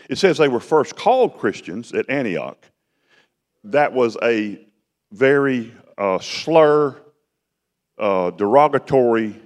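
Preacher with lively pitch in a hall. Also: male voice. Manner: folksy, conversational preaching that swells louder and higher. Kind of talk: sermon. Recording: long hall reverb.

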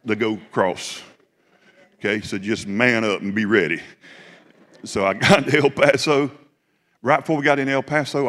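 Folksy preacher man, echoing hall. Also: fairly low pitch. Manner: folksy, animated, laughs often, rambling. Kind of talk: sermon storytelling. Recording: long hall reverb.

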